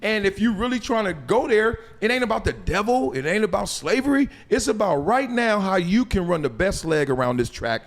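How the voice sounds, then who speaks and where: A man hosting a podcast, talking in a casual, animated way and swearing freely. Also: sits high, brisk, few pauses. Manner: animated, swears freely, acts out voices of others. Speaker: podcast host. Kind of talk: casual chat.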